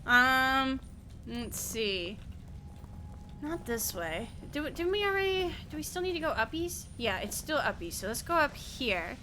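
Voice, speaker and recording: A woman's voice: high-pitched, big pitch swings, unhurried, noisy background. A young woman streamer giving chatty, giggly game commentary, swearing freely.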